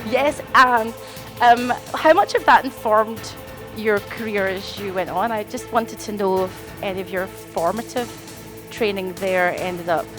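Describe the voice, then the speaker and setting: A Scottish woman hosting a live convention panel, energetic and chatty, quick to laugh. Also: medium pitch, music in the background, poor audio. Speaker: panel host. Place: stage at a convention expo.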